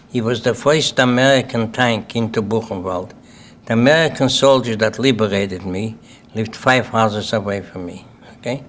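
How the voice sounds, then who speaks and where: An older man with a Lithuanian accent tells his life story to an audience at a symposium. He speaks plainly and keeps checking in with "okay?", in a middle-pitched voice. Faint background hiss runs under him. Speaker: Holocaust survivor speaker. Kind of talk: personal testimony talk. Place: symposium hall.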